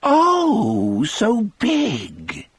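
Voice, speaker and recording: A sick older woman's voice, pitched high and hoarse like a little girl with a sore throat, as a man reads her in an audiobook. It comes through husky and unhurried, with a dry, close sound. She lingers on her words. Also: huge pitch swings, no room sound, full character voice. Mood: awed. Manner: high, hoarse, childlike rasp. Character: frail dying older woman, sick in bed. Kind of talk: audiobook character voice.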